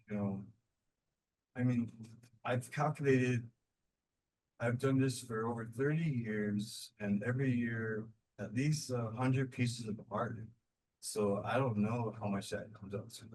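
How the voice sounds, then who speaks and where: A man from New Mexico, an artist guest talking casually on a video call, relaxed and rambling with many fillers and repeated words. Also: mid-range voice, poor audio. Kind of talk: casual online talk.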